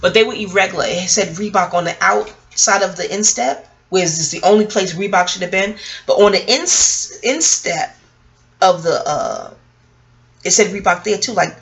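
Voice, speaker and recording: Talking directly to her viewers, a gravelly-voiced New York City woman who vlogs and writes memoirs tells stories in a casual, animated, foul-mouthed monologue. Her pitch is medium, and the audio is poor.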